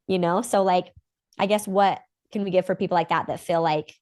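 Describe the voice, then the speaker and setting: A woman hosting a podcast, chatting casually and upbeat about spiritual topics with quick asides. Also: lowish voice, steady tone, darkish tone. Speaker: podcast host.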